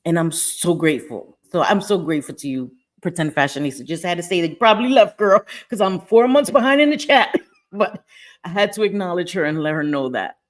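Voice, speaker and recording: A woman's voice: fairly low pitch, animated, brisk. A woman hosting a live stream, reading the chat and talking casually, candid and emphatic, repeating her points and swearing freely. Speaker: livestream host reading chat.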